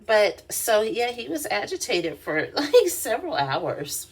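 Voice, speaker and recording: Lady chatting on her vlog, laughs a lot, real lively voice. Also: mid-range voice, unhurried, slightly rough. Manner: chatty, laughs often, many fillers. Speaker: vlogger. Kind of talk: casual storytelling while doing her hair.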